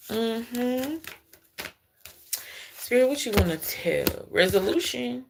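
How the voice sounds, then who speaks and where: Woman, gravelly fry, mid-pitched, chatty spiritual card reading, calls listeners baby. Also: a little hiss or hum. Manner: chatty, calls listeners baby, keeps asking if you understand. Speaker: intuitive card reader.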